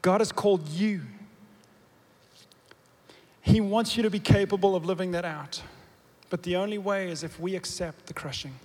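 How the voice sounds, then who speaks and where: A man preaching a sermon, swinging from loud emphatic bursts to quiet low asides and asking the congregation questions. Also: moderate pace, pauses often. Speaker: pastor. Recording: long reverb of a big hall.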